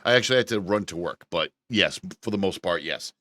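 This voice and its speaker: A man co-hosting a casual podcast, telling an animated, exasperated story with frequent profanity. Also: sits low, fairly quick, no room sound. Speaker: podcast co-host. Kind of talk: casual chat.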